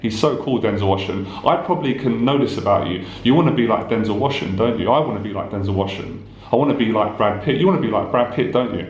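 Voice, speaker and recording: A man's voice: fairly low pitch, quick pace, roomy sound, lo-fi sound. Intense, preachy male life coach. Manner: intense, repetitive, preachy, swears. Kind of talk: direct-to-camera motivational talk.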